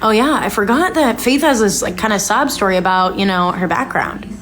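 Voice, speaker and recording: Her voice is medium-pitched and a bit bright, and she talks briskly as a podcast host recapping a reality show. Chatty and casual, she reacts aloud while watching and drops in lots of filler words, many of them "like."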